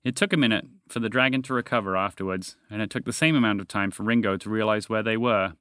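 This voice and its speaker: A man narrating a fantasy story in an expressive, lively reading. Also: lowish voice, fast, smooth, dry recording, studio quality.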